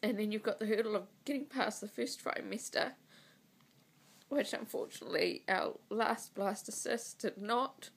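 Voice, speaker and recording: A woman in her thirties recording a personal video diary on her phone. She is crying, and she talks in a halting, emotional way, with sighs between her words. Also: medium pitch, vocal fry, breathy edge. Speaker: vlogger. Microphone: phone mic.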